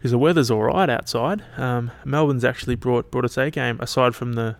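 Tired aussie guy rambling on his podcast, swears heaps, mid pitch, dry sound. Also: a little fast, creaky, no echo. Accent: Australian. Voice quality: laid-back, rambling, swears freely. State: tired, yawning. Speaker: podcast host. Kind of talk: casual solo podcast chat.

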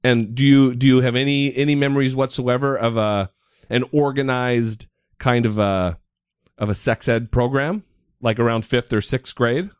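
A man's voice: medium pitch, fairly even intonation, moderate pace, clear, resonant tone, no echo, studio quality. A man hosting a podcast in loose, joking, profane casual chat. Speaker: podcast host.

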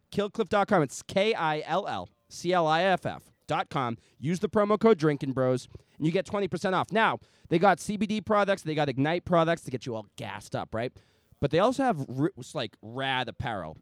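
A man's voice: fairly high pitch, lively intonation, a little fast, no room sound, clean studio sound. A man hosting a podcast, reading a sponsor ad in a hyped, joking, profane way. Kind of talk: loud casual ad read.

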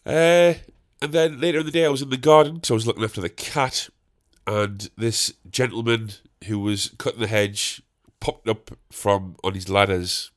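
A man's voice: lowish voice, normal speed. A young man telling a comic anecdote in loose, rambling fashion. He swears freely and pokes fun at himself as he goes. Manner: rambling, swears a lot, self-mocking.

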